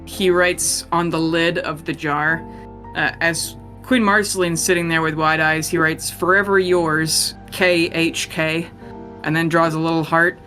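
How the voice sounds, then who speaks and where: A game master narrating a tabletop role-playing scene in a relaxed, rambling storytelling way. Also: mid-range voice, normal speed, soft background music. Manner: casual storytelling with fillers and laughs.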